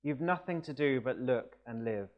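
A man voicing a blunt, fervent rural English preacher with an Essex accent, shouting and repeating himself. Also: mid-range voice, animated, normal speed, narrow, tinny audio, close to an everyday voice. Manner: shouting, emphatic repetition.

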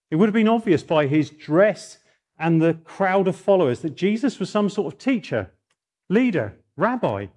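Animated preacher. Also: male voice, a little high. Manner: animated storytelling, voice rising in mock outrage. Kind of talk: sermon.

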